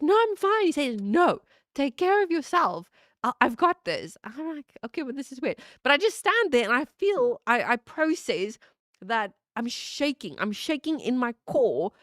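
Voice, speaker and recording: A woman in her thirties streaming from home, telling a story in an animated way, laughing and swearing. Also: no room sound, clean studio sound. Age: 30s. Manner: animated, laughing, swearing, lively pitch jumps. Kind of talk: casual storytelling chat.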